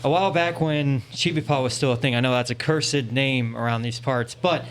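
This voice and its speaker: A man's voice: mid-range voice, moderate pace, a little hiss or hum. A young man at a convention panel, telling an earnest, rambling story into a handheld mic and often saying "you know". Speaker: audience member at a panel. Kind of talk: casual anecdote. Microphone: handheld panel microphone.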